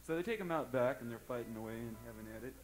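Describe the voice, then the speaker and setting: A man's voice: mid-range voice, expressive, rapid-fire, slight background noise, low-quality recording. A man on a concert stage telling a rambling joke, stalling with fillers and losing his thread, into a stage microphone. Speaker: comedian.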